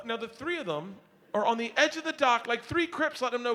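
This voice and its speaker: A middle-aged man telling a stand-up comedy story in a loud, animated, brash way. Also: extremely high pitch, brisk, heavy background noise.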